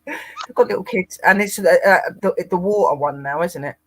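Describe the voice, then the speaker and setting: A man's voice: high voice, moderate pace. A man co-hosting a casual paranormal livestream, rambling and greeting viewers by name.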